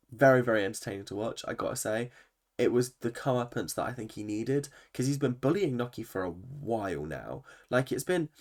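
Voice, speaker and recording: A man, a vlogger giving an opinionated, swear-laden recap of a reality TV episode. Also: mid-range voice. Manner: animated, opinionated, swears freely. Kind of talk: ranting reaction commentary.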